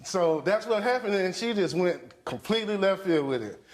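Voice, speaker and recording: Defensive man with a higher voice. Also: lively intonation, moderate pace. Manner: defensive, explains with a chuckle. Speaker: husband in a court case. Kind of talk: courtroom testimony.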